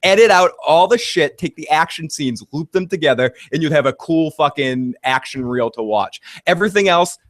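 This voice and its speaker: A man's voice: on the high side, animated, moderate pace, few pauses, fairly bright tone, dry recording, studio quality. A man hosting a casual TV review chat, giving blunt, profane opinions. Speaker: podcast host.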